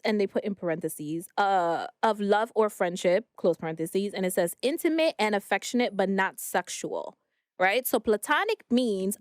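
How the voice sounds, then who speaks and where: A woman's voice: medium pitch, dry recording, studio quality. A young woman co-hosting a casual podcast, playful and rambling, laughing often. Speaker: podcast co-host.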